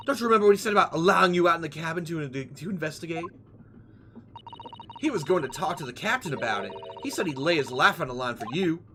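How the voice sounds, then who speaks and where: A man's voice: fairly high pitch, expressive, fast talker, noisy background, close to an everyday voice. A man voicing a polite, earnest young female assistant in a prim, eager way. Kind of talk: reading game dialogue aloud.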